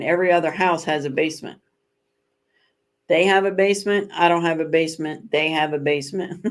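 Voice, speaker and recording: A woman hosting a casual livestream chat with viewers, telling stories in a rambling, self-correcting way with dramatic emphasis. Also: low voice. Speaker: livestream host.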